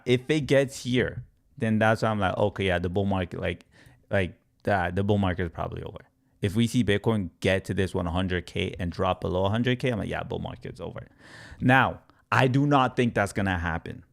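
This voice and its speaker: A man with a lowish voice talks through price charts in a casual, energetic way. He repeats his key points and sometimes slips into a mock-panicked trader voice. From Canada. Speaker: crypto YouTuber. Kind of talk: casual market commentary.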